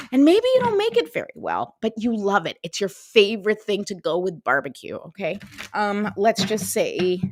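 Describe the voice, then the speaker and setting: A woman hosting a casual motivational talk, chatty and animated, often checking in with "right?" and acting out little conversations. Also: medium pitch. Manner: chatty, lots of "right?" and acted-out dialogue. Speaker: host.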